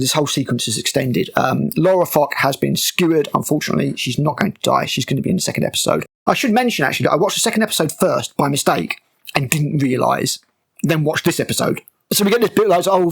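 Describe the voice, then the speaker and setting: Exasperated gravelly man reviewing a show. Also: on the high side. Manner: exasperated, mocking, with frequent fillers and restarts. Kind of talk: sarcastic episode breakdown.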